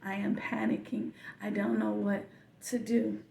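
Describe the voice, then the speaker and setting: A woman hosting a podcast, telling a personal story in a slow, reflective way with soft whispered asides. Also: mid-range voice, level tone, creaky, distant mic, a little hiss or hum. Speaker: podcast host. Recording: echoey room, voice a bit off-mic.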